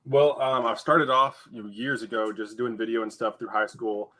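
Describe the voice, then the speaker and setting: A young man guest on a video call, telling his story in a relaxed way with many ums. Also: mid-range voice, moderate pace. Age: young adult. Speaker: guest filmmaker and colorist. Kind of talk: casual video-call chat.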